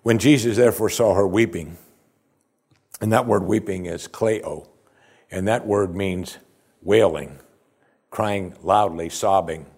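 A man's voice: fairly low pitch, a little slow, pauses often, a little mellow, breathy edge. A male pastor preaching a sermon in a conversational, expository way, with emphatic rises.

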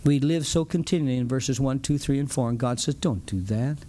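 A man preaching a conversational sermon in a folksy, animated way, acting out dialogues and chuckling often. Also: medium pitch, brisk.

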